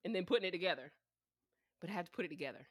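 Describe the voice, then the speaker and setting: A woman's voice: fairly low pitch, animated, rapid-fire, no room sound. A woman in her twenties co-hosting a podcast in a studio, blunt and profane, telling stories with laughter. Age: 20s. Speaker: podcast co-host. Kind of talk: casual chat.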